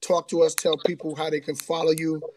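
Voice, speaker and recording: A man's voice: a little high, little pitch movement, fairly quick, a little mellow, a little hiss or hum. A man co-hosting, enthusiastically hyping the guest and asking questions. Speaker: co-host. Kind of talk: casual podcast interview.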